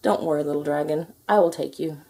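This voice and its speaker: A woman's voice: deep voice, fast, mellow. A woman voicing an eager, kind young boy knight in a children's picture book read-aloud.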